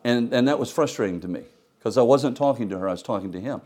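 A middle-aged male pastor preaching a storytelling sermon, animated, swinging between loud emphasis and quiet asides. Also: medium pitch, fast talker.

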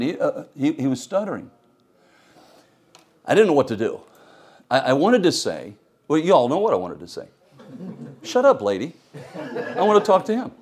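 A middle-aged male pastor preaching a storytelling sermon, animated, swinging between loud emphasis and quiet asides. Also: medium pitch.

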